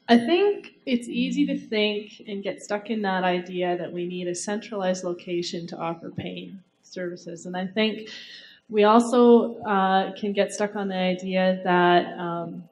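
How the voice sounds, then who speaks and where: Woman, conference panelist, quick and articulate, slightly low voice. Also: steady tone, a little mellow, low-quality recording. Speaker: panelist, health professional. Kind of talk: panel discussion.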